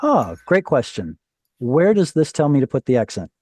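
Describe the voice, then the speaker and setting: Mellow-voiced man teaching an online class. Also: medium pitch, huge pitch swings, normal speed, breathy edge, no echo. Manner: explanatory, questioning students, self-correcting. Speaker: Hebrew teacher. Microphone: video call.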